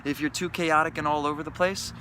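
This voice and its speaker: Guy yoga teacher talking, bright tense voice, earnest and cussing a lot, little bit of hum behind. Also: a little high, fairly even intonation, quick pace. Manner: earnest, emphatic, swears freely. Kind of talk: reflective podcast monologue.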